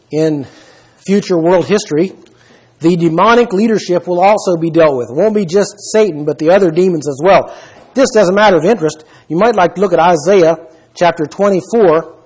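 A man's voice: high-pitched, darkish tone, slightly rough, poor audio. A man preaching a Bible teaching sermon, emphatic, asking the listeners questions and citing verses.

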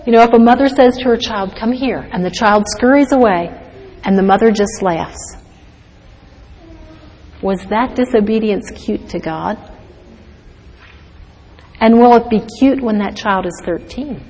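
A woman's voice: medium pitch, a little slow, pauses often, a little mellow, husky, in a large hall, low-quality recording. A woman giving a devotional teaching talk to mothers, earnest and full of rhetorical questions. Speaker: speaker to mothers.

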